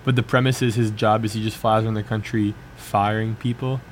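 A man's voice: fairly low pitch, little pitch movement, fairly quick, a little hiss or hum. A young man co-hosting a college radio show, chatting casually and rambling with lots of filler words. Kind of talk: casual chat.

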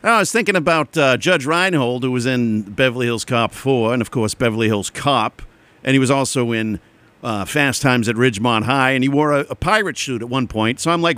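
A man hosts a sarcastic, rambling comedy monologue in an animated, brisk mid-range voice with a fairly bright tone and no echo. He drifts from tangent to tangent, mocking others in put-on voices.

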